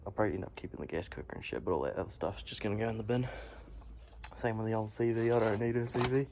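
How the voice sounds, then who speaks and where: A young vlogger talks quickly in a lowish, darkish-toned voice, swearing a lot as he rambles casually in a garage. He holds his phone while filming, and a slight hiss or hum is audible.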